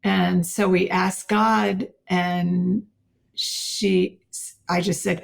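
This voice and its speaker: A woman's voice: on the low side, drawn-out words, vocal fry. Earnest woman telling a faith story. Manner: earnest, animated storytelling with quoted dialogue. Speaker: podcast guest. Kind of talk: storytelling in a podcast interview.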